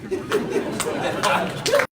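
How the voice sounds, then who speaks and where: A man preaching a sermon to a congregation, joking and then rising to shouts. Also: very slow, reverberant, distant mic, over a noisy crowd, heavy background noise. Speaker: minister. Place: large hall with live congregation. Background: congregation responding.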